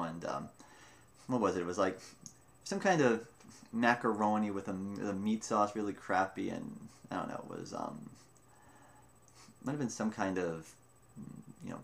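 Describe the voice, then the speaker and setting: A young man casually telling a story about himself, rambling and often breaking off mid-sentence, with animated retelling. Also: lowish voice, vocal fry. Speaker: vlogger telling a personal story. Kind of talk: casual first-person storytelling.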